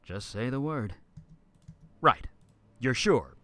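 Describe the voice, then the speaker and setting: A man's voice: medium pitch, animated, slow pace. A man voicing a male game character in recorded voiceover takes, saying the same lines again and again. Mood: tense. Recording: played back from editing software.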